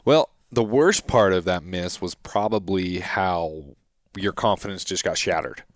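A man's voice: low voice, a little slow, dry recording, studio quality. A man hosting a podcast interview, asking questions and chiming in with short replies. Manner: prompting questions, short backchannels. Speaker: podcast host. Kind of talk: casual interview chat.

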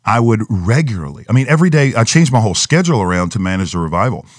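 A very low-voiced man talking as a pastor on a podcast, telling his story earnestly and sometimes acting out the doubting voice in his head. The sound is dry and close, with no room around it. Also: very animated, racing, dry recording. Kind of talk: podcast conversation.

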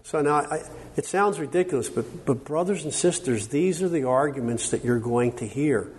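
A man's voice: a little high, lively intonation, normal speed, darkish tone, slightly rough. A man giving a workshop lecture in a conversational, emphatic way, often checking in with the audience. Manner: conversational, frequent "okay?" check-ins, emphatic. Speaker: workshop speaker. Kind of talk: conference lecture.

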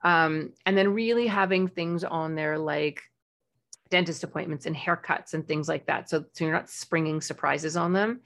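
Chatty parenting podcast woman, lowish voice. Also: moderate pace, gravelly. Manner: warm, chatty advice with animated, high-pitched acted-out examples. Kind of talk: casual advice podcast.

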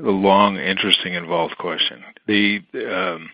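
A man's voice: low-pitched, normal speed, pushed and bright, dry recording, low-quality recording. A man, a guest on a radio talk show, speaking casually and rambling with many fillers and restarts. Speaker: guest, entertainment manager.

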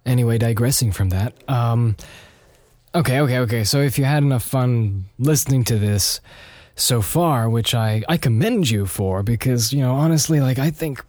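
A man's voice: mid-range voice, normal speed, darkish tone, no room sound. Rambling young man, slightly nasal. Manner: rambling, self-deprecating, many restarts. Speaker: podcast host. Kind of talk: casual solo podcast chat.

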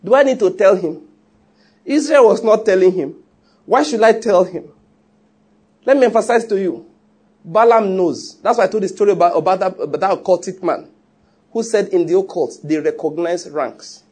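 A man's voice: high-pitched, normal speed, darkish tone, breathy edge. A man preaching a sermon, emphatic and teasing, often repeating his points. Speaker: pastor.

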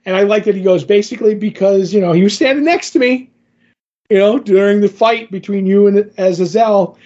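A man's voice: sits high, fairly quick, mellow, highs cut off. A man co-hosting a casual podcast, animatedly retelling comic book scenes and quoting the characters. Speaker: podcast co-host.

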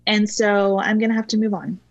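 A woman's voice: mid-range voice, fairly even intonation, no room sound. Earnest woman, dull recording. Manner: earnest, reflective, speaks in full measured sentences. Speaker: podcast guest, author. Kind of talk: conversational interview.

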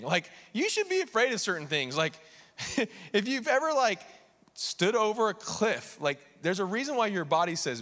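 A male pastor preaching an animated sermon, swinging between quiet asides and raised preaching and acting out the figures in quick voices. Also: sits high, long reverb tail. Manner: acts out the king and others in quick voices. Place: church sanctuary.

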